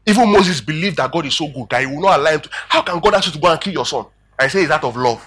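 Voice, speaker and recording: High, husky-voiced male preacher. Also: racing. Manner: calls out questions to the congregation; emphatic, animated preaching with rising and falling volume. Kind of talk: sermon.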